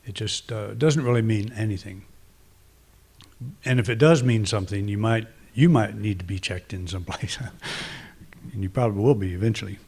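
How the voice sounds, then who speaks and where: A man's voice: lowish voice, moderate pace, vocal fry, darkish tone, slightly rough. A man, a minister, preaching a conversational, reflective sermon with frequent restarts and fillers.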